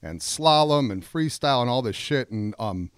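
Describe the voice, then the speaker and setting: A man's voice: medium pitch, lively intonation, moderate pace, clean tone, no echo, clean studio sound. A man co-hosting a casual gaming podcast, rambling and laughing as he tells stories. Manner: rambling, laughs often, trails off. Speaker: podcast co-host. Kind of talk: casual chat.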